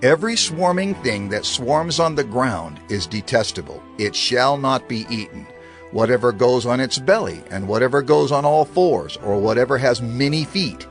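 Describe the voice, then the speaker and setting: A man giving a measured, expressive scripted narration of scripture. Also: medium pitch.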